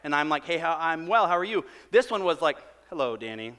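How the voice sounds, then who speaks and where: A man's voice: a little high, quick pace, fairly bright tone, long reverb tail, slight background noise. A man in his thirties, a pastor preaching a sermon and telling a self-mocking story with acted-out quotes. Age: 30s.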